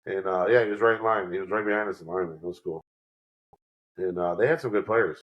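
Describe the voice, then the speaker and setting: Low-voiced rambling man telling stories. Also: fairly quick, narrow, tinny audio. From New York. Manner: rambling storyteller, acts out quotes. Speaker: podcast co-host. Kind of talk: casual chat.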